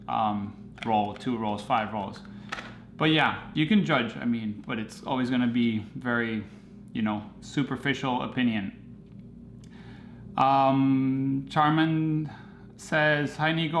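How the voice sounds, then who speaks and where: A man's voice: medium pitch, a bit bright, reverberant, slight background noise. A man hosting a photography livestream, rambling casually as he answers viewer comments.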